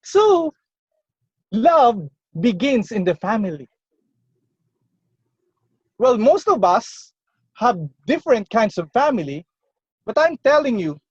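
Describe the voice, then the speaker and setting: A man delivers a prepared contest speech from home, unhurried and earnest, pausing between phrases. The sound is dull and lo-fi, dry with no room echo, as if captured over an online call. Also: high voice, lively intonation, slightly rough. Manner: slow, earnest, personal storytelling with pauses. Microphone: computer or phone mic on a video call.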